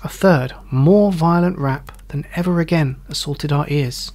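A man reading a classic story aloud as storyteller, in a measured, theatrical manner suited to period prose. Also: fairly high pitch, darkish tone.

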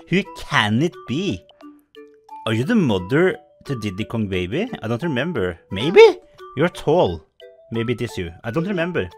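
Excitable man commenting on a game. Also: moderate pace, faint music behind. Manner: excitable, jumping into high exclamations. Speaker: gaming channel host.

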